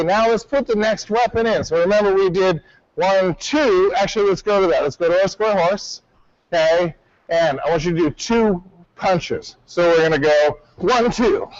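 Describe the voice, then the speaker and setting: A man teaching a martial arts class, calling out drills with sharp commands and counts. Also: a little high, dull audio. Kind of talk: class instruction.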